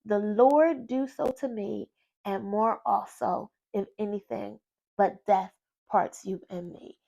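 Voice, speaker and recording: A woman's voice: mid-range voice, slow, vocal fry, warm tone, rough recording. A woman voicing a devoted young biblical widow, reciting earnestly and solemnly.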